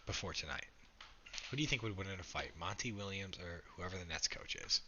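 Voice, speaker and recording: A young man talks through a live game on a stream, calling the score and replying to his chat. His voice is fairly low but sharp and forward, with a frustrated, casual edge. The audio is dull and lo-fi. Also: animated, brisk, slight background noise. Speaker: livestreamer reacting to a game.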